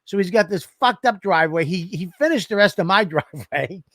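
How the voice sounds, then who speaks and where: A man co-hosting a comedy podcast, swearing his way through a lively story on a studio microphone. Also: high-pitched, quick pace, no echo. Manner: animated, swearing constantly, acts out scenes. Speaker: podcast co-host.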